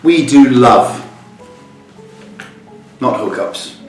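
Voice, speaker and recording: On his live tarot call-in show, this psychic host playfully needles the people who phone in, speaking extremely slowly in an expressive mid-range voice. The sound is distant and echoey, with background music.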